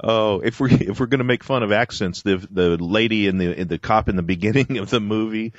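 A man's voice: lowish voice, a little fast, dry recording, lo-fi sound. A man hosting a casual podcast interview, chuckling and searching for words. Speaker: podcast host.

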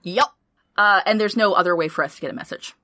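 A woman hosting a podcast in casual chat, recapping a film with energetic, profane enthusiasm and frequent laughter. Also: mid-range voice, fast, no room sound, studio quality. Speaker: podcast host reviewing a film.

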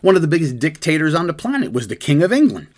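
A man's voice: fairly high pitch, sing-song, quick pace. A man hosting a commentary show, speaking in a heated monologue full of rhetorical questions, repeated phrases and restarts. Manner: impassioned, repetitive, rhetorical questions, frequent restarts. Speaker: political commentary host.

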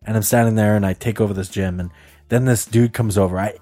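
A young man on a casual podcast, telling a story in an animated way and laughing often. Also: fast, faint music behind. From Canada. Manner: animated storyteller, jumps high for quoted voices, laughs often. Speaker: podcast co-host.

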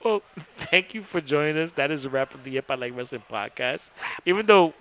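A young man hosting a podcast, talking in an excitable, profane and laughing way. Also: fairly high pitch, brisk. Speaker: podcast host. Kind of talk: casual podcast chat.

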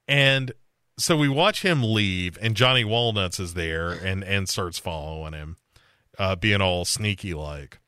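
Man, podcast host, casual recap chat, profane, filler-heavy, lowish voice. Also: unhurried, sharp tone, clean tone, no echo, clean studio sound. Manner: loose and profane, with frequent fillers.

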